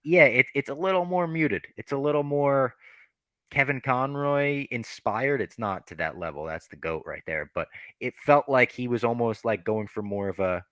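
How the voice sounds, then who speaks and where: A man's voice: mid-range voice, animated, normal speed, a bit bright, no room sound. A man hosting a podcast, reviewing a movie in casual chat, enthusiastic and profane. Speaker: podcast host.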